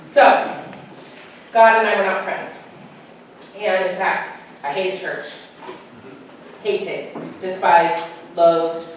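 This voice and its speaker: A woman from Utah giving a casual, humorous farewell speech to a church gathering, animated and self-mocking, laughing often. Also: mid-range voice. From Utah, United States. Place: church hall in front of a gathering. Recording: echoey hall, distant mic, faint hiss.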